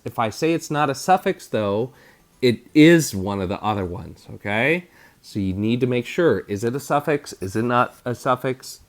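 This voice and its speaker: Gravelly slow-talking man teaching spelling. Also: mid-range voice. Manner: energetic, sound effects like bam; sounds out letters slowly. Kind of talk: spelling lesson for children.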